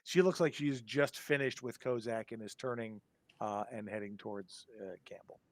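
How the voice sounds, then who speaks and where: A man narrating as game master for a tabletop horror game, halting often with ums and restarts. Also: fairly low pitch, no room sound.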